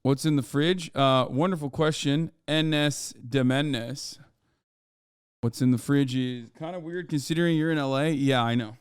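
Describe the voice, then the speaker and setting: A man's voice: medium pitch, moderate pace, clear, resonant tone, no room sound, clean studio sound. A man in his thirties hosting a live stream, chatting casually, joking and reading chat aloud. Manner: jokey, hyped, reads chat aloud. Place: home studio in Los Angeles.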